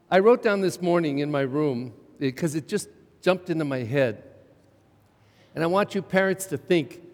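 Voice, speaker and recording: A middle-aged male pastor preaching a sermon in a church, repeating phrases for emphasis and asking the congregation rhetorical questions. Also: a little high. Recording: church sermon with long reverb.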